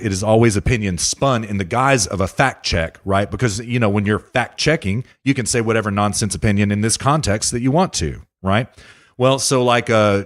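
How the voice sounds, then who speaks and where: A man's voice: fairly low pitch, fairly bright tone. A man hosting a casual political podcast, ranting emphatically and addressing the listener directly. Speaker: podcast host.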